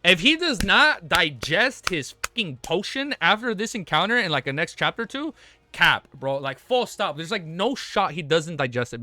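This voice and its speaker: A man's voice: high voice, dry recording. Hyped young man reading and reacting. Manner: hyped, swears a lot, slangy, stammers when excited. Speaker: streamer reading and reacting to a web novel. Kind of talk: excited reaction stream, reading aloud.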